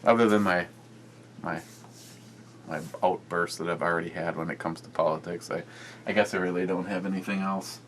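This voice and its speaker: A man's voice: deep voice, fairly even intonation, normal speed, pauses often, a little hiss or hum. A man chatting loosely in a home beer-review vlog, rambling with many fillers and restarts. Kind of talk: rambling casual vlog chat.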